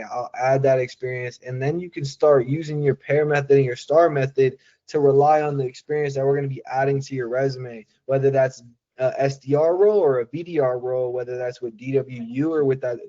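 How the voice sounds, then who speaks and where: A man's voice: medium pitch, mellow, muffled recording. A man giving casual sales coaching, talking loosely with lots of fillers and acting out quoted voices. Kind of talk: casual coaching talk on a call.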